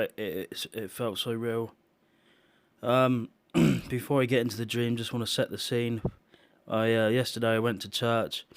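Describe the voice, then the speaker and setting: Earnest, halting man giving testimony. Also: fairly low pitch, clean tone. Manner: halting, with many restarts and fillers; emotional, solemn. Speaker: video maker sharing visions. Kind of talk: earnest personal testimony monologue.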